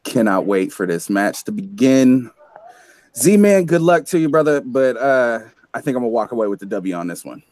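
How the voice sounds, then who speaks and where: A man competing in a trivia match, talking with quick, cocky confidence. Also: mid-range voice, big pitch swings, darkish tone, no room sound. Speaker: contestant. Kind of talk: pre-match trash talk.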